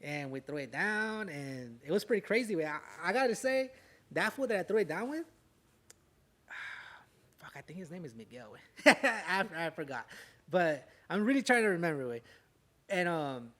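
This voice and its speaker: A man's voice: a little high, big pitch swings, moderate pace, sharp tone. A young man from Southern California telling a story on a podcast in casual, profane street slang. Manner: profane, streetwise slang, tag words "way" and "fool". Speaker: podcast guest, rapper.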